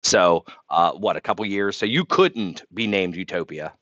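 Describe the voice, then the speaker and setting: A man's voice: deep voice, normal speed, a bit bright, no room sound, highs cut off. A man co-hosting a casual podcast, rambling playfully and laughing often. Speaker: podcast co-host. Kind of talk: casual chat.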